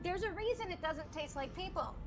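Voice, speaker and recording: High, wry woman player, blunt, music behind. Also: animated, a little fast. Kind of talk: casual tabletop game chat.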